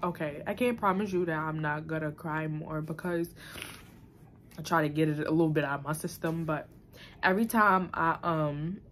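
Young woman vlogger, low-pitched and candid, reflective, slips into emotion, lots of ums and restarts. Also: moderate pace, fairly bright tone, slight background noise. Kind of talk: candid personal vlog. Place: New York City.

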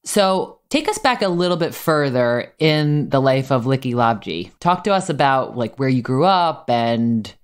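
Smooth-voiced enthusiastic woman host. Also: a bass voice, big pitch swings, a little slow, few pauses. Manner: enthusiastic and affirming. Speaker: podcast host. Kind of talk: interview questions.

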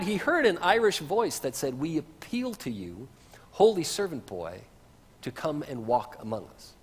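Male pastor, sermon; husky, animated delivery, easygoing asides; reverberant church stream. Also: fairly high pitch. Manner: conversational, with casual asides. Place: church sanctuary.

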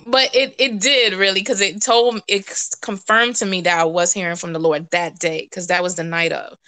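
A woman sharing a casual, animated testimony, laughing and jumping to high exclamations. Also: moderate pace, few pauses. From West Indian. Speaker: prophetic preacher.

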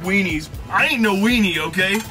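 A man doing a high, loud swaggering bro voice, tough-guy dude who never cries. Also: fairly quick, over music, lightly acted. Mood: boastful.

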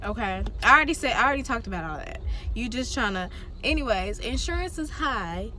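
A woman's voice: a little high, animated, faint music behind. Teasing young woman vlogging from a car. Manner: teasing, bossy, quick to laugh. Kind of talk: casual chat. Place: inside a car. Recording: loud car noise behind.

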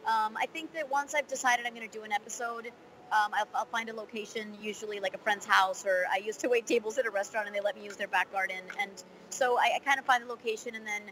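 A woman voice actor answering interview questions in a candid, lively way, with frequent fillers. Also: on the high side, fast, a little hiss or hum, poor audio.

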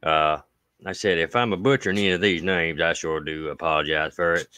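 A man with an Appalachian accent and a smooth voice, hosting a casual livestream and reading viewer mail in a folksy way, with long drawn-out thanks. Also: low-pitched, steady tone, pushed and bright, no echo.

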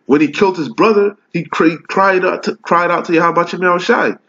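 A man's voice: high voice, brisk, pushed and bright. A man preaching a fiery, profane sermon, ranting and swearing and tagging nearly every point with "okay?". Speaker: street preacher. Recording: muffled lo-fi recording.

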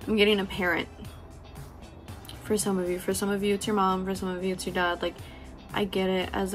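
A woman with a medium-pitched, fairly bright voice, a beauty vlogger, gives a candid motivational talk straight to camera. She's frank, profane and affectionate toward her viewers, and laughs a lot.

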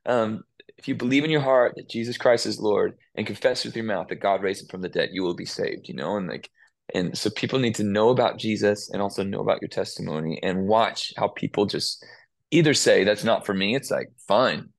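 A man's voice: fairly low pitch, fairly quick, creaky. A man, a worship musician, talking earnestly and emotionally in a casual interview, often restarting his sentences.

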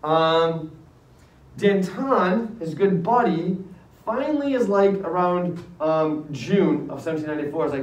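A male history teacher telling a lively classroom story in casual slang, acting out voices. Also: fairly high pitch, measured pace, dull audio. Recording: echoey room, distant mic.

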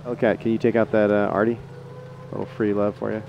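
Male game streamer, low and gravelly, chatty and excitable, faint background hiss. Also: quick pace, lo-fi sound. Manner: chatty, excitable, talks to teammates and chat. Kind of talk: live gameplay commentary.

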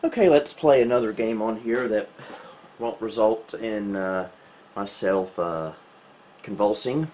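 A man hosting a retro computer channel, giving casual gameplay commentary with relaxed, wry, self-mocking asides. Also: fairly low pitch, measured pace.

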